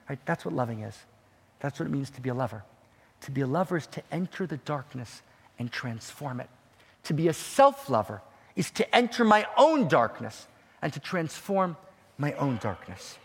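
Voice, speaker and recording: A man tells a story as a teaching sermon, with dramatic swings and a habit of asking "right?". His voice is husky and a bit high. A long hall reverb trails each phrase. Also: big pitch swings, normal speed.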